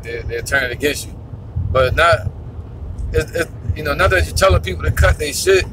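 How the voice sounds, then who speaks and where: A man talks scripture in a loose, rambling way, swearing as he goes and speaking bluntly. His voice sits a little high. Faint road noise hums behind him. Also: animated, moderate pace. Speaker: religious teacher. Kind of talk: casual preaching monologue.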